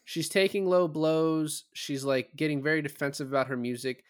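On a film podcast he co-hosts, a man casually recounts movie scenes, full of fillers and the occasional swear word. His voice is fairly high, clear, and resonant, at a normal speed.

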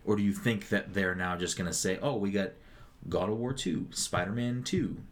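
A man's voice: sits low, normal speed. A man co-hosting a casual gaming podcast, joking and swearing as he rambles through his thoughts. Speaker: podcast co-host.

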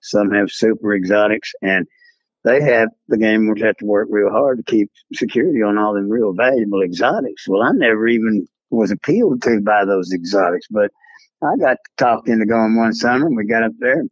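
As a guest in an interview, this drawling older South Texan spins a rambling tale, putting on voices for the quoted parts. He speaks in a fairly low pitch, a little fast, and the lo-fi recording has no echo.

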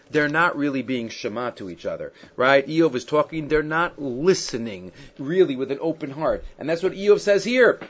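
Conversational man teaching, dull lo-fi sound. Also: fairly high pitch. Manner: conversational, with fillers and frequent rhetorical "right?"; reads Hebrew verses, then explains them in English. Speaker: Torah teacher. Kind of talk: explaining a Bible text to a class.

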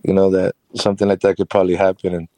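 A man's voice: sits low, completely flat delivery, rapid-fire, warm tone, no room sound. A man who runs a carpentry business, telling a personal story as an interview guest in a chatty, rambling way with frequent laughs.

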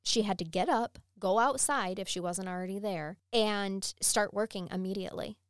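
A woman's voice: mid-range voice, normal speed, clear, resonant tone, dry recording, studio quality. A woman hosting a podcast, telling a true crime story in a blunt, chatty way and swearing freely. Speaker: podcast host.

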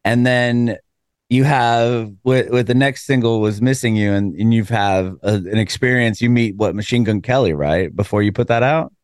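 A man hosting a casual interview over a video call, jumping in with quick reactions. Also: on the low side, clear, resonant tone, dry recording, studio quality. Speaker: interview host.

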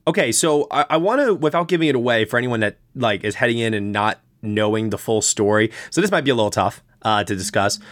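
A man chats through a film review as the podcast host, relaxed and conversational, with plenty of fillers. He gets animated when he explains things. His voice sits at an ordinary middle pitch and is recorded close and dry. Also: no room sound. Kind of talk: casual film review chat.

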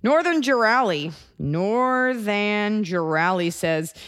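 A woman hosting a podcast, chatting casually and asking quick, teasing questions. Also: medium pitch, lively intonation, fairly bright tone. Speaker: podcast host.

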